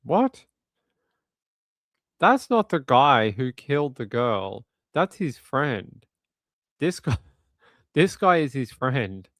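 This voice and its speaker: A man with an Australian accent hosting a livestream and reading viewer comments in a relaxed way. He repeats himself often and chuckles between thoughts. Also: mid-range voice, takes it slowly, long pauses, no room sound. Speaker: livestream host. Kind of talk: casual live chat reading viewer comments.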